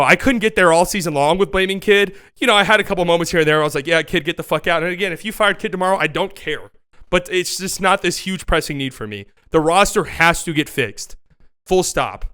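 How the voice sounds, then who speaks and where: Male host, casual sports rant, fairly high and bright, emphatic and profane. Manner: emphatic, exasperated and profane, rambling with restarts.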